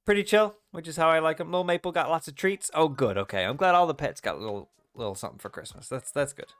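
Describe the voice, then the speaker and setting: A man's voice: on the high side, lively intonation, fast talker, a bit bright. A young man hosting a livestream, chatting casually with viewers and reading their comments aloud with a playful, joking manner. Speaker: livestream host. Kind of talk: casual chat with live viewers.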